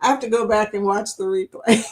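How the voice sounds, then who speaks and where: A middle-aged woman from Kentucky chats loosely on her livestream, reading viewer comments aloud and reacting to each one. She rambles from topic to topic and laughs easily, in an unhurried, conversational way. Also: mid-range voice, steady tone. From Kentucky, USA. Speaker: livestream host.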